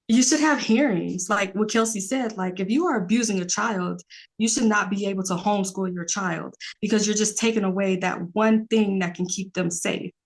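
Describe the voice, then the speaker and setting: Earnest woman podcast guest. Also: mid-range voice. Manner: earnest, rambling with many fillers. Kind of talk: casual podcast conversation.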